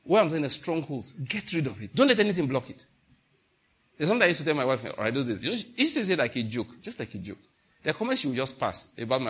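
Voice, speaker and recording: Lively, bright-voiced preacher man. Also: medium pitch, quick pace, husky. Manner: animated, storytelling with laughter and acted-out quotes. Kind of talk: sermon.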